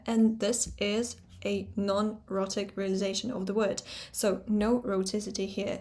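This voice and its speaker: A young woman teaching phonetics in a casual lesson, talking slowly and deliberately as she demonstrates how words are pronounced. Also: mid-range voice, flat delivery, darkish tone. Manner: slow, deliberate, demonstrating pronunciations.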